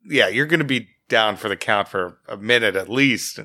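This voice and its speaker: A man's voice: fairly low pitch, normal speed, dry recording. A man in casual chat as a podcast co-host, joking and restarting his sentences. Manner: animated, joking, stammering restarts. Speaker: podcast co-host making the gamebook choices.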